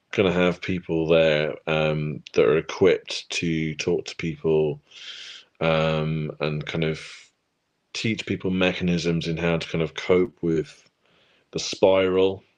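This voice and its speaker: A man talking as a guest musician in a casual interview, hesitant with many ums and restarts. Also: a bass voice.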